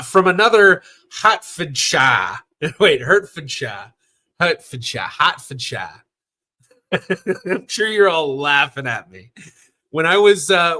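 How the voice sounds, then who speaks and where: A man's voice: medium pitch, sharp tone. A man from Southern California hosting a genealogy livestream, talking casually and rambling with fillers and self-corrections as he answers viewer questions.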